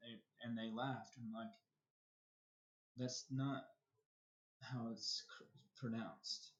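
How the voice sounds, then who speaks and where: An American man tells a personal story on a live stream in a loose, casual way. He often trips over his words, repeating them and starting over. His voice sits in a middle pitch, and the stream audio sounds a bit dull and lo-fi. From United States.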